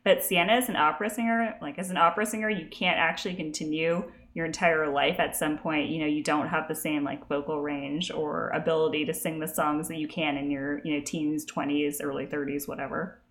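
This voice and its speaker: A woman's voice: low-pitched, steady tone, brisk, few pauses. A woman co-hosting a podcast, giving her views on a TV show in a direct, opinionated way. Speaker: podcast co-host. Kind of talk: casual chat about a TV show.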